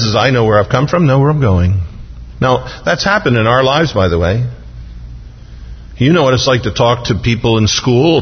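A male pastor preaching an expository sermon in a church sanctuary, slowing down to stress scripture. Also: mid-range voice, slightly rough. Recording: dull, reverberant hall sound.

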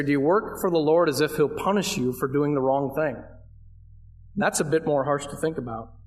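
Casting: man, fairly high voice, pastor delivering a sermon, chatty and emphatic. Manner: conversational, asks the congregation questions; emphatic, leans on key phrases.

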